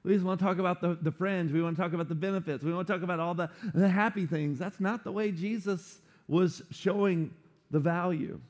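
A man preaching a sermon, animated and playful, acting out quotes for humor. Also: high voice, a little fast. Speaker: pastor.

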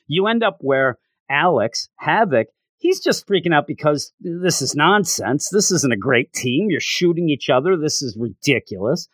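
Animated man recapping a comic. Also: a little high, moderate pace, no room sound, clean studio sound. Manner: rambling, animated. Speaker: comic book reviewer. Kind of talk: casual recap.

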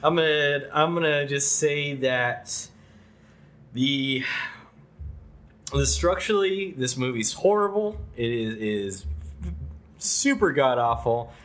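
A man's voice: mid-range voice, expressive, takes it slowly, pauses often, fairly bright tone. A man co-hosting a casual podcast, giving a blunt, profane, ranting movie review. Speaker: podcast co-host.

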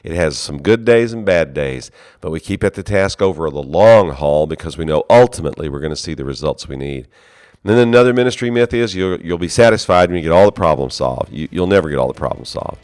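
Man, very deep voice, seminary leader, earnest ministry talk, conversational, dry close sound. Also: lively intonation, brisk, a little mellow, no room sound.

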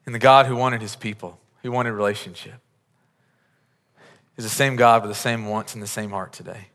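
A man's voice: lowish voice, fairly even intonation, normal speed, fairly bright tone. A man preaching a sermon as a pastor, earnest and pleading, often repeating words as he builds a point. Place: large church auditorium. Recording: long hall reverb from the sanctuary.

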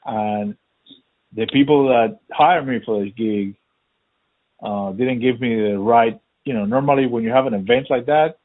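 Husky man telling a profane story. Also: mid-range voice, unhurried. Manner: profane, animated, acts out quotes. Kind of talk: casual storytelling chat. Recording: tinny phone-like sound.

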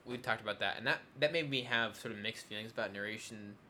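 A man's voice: fairly low pitch, fast, bright, forceful tone, slight background noise. A young adult man in casual conversation, rambling with many fillers and restarts. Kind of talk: casual chat.

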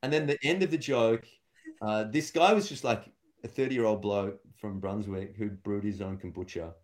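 On a casual podcast, a young stand-up comedian tells meandering stories in a fairly low voice at normal speed, impersonating the people he quotes along the way.

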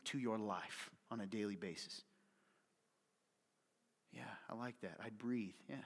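A man preaching a sermon as pastor, passionate, dropping to hushed near-whispers and then rising to loud, urgent appeals. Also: fairly low pitch, a little slow. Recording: reverberant hall.

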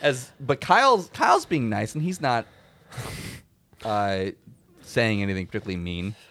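A young man narrating as game master, animated and laughing often. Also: on the low side, normal speed.

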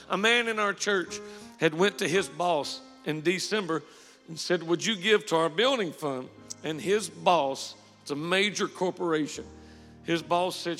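Gravelly preacher in a church hall. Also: male voice, on the high side, normal speed, fairly bright tone, soft background music. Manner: storytelling, emotional, rising to fervent praise. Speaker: pastor. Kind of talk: sermon. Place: church sanctuary.

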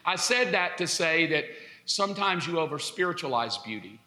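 High, forceful middle-aged preacher. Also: male voice, moderate pace, a little hiss or hum. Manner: animated, comic storytelling, bursts into shouts. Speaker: pastor. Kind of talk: sermon. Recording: echoey hall.

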